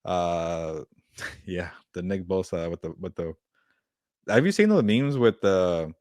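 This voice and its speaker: A man with a lowish voice co-hosts a casual sports chat, recorded close and dry. He talks in a laid-back, hesitant way, often circling back with filler phrases. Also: expressive, slow pace, darkish tone, no room sound. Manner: laid-back, hesitant, many "you know"s. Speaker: podcast co-host.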